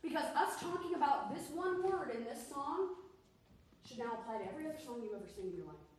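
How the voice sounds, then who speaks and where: A woman's voice: high-pitched, big pitch swings, quick pace. A woman vocal coach coaching a singer, playful and teasing but encouraging, sometimes singing lines to show how. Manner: breaks into sung demonstrations. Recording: echoey room, mic far off, faint noise.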